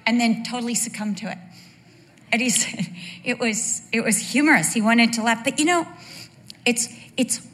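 A woman's voice: a little high, normal speed, pauses often, a bit bright. Chatty woman in a reverberant hall. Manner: candid, humorous storytelling with asides. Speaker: pastor's wife speaking to a congregation. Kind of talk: conversational church talk.

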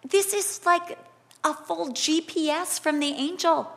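Her voice is very high-pitched, unhurried, and marked by vocal fry. The middle-aged woman preaches a sermon that swings from scripture to a lively personal story, with quotes acted out loudly.

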